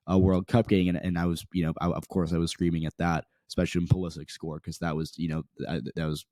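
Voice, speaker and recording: A young man, hoarse from yelling, giving a casual, rambling analysis of election numbers as a political commentator, often stopping to correct himself. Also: low voice, flat delivery, fast talker, no room sound, clean studio sound. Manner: rambling, self-correcting delivery.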